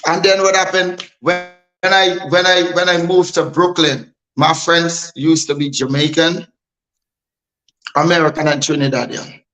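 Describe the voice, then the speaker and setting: High-pitched Guyanese man, blunt. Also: fairly even intonation, measured pace, pushed and bright, low-quality recording. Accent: Guyanese Creole. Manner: blunt, emphatic. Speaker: DJ and artist guest. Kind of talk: candid interview talk.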